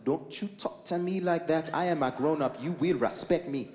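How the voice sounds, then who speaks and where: A man's voice: on the high side, normal speed, heavy background noise, voice pushed down, natural voice. A man voicing a stern grown woman babysitter with a Trinidadian accent, scolding a child firmly in an echoey live room. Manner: firm, scolding.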